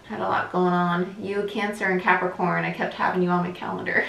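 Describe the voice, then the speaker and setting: Fast-talking woman with a bright, tense voice. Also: medium pitch, vocal fry. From New Jersey. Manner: fast-talking, chatty, rambling. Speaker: tarot reader. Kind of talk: casual tarot reading. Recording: echoey room.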